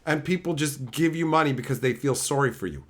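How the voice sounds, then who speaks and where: A middle-aged man hosting a casual livestream, swearing freely and bouncing between chat topics. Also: brisk. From Canada. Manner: animated, swears a lot, mimics chatters in high silly voices. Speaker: livestream host.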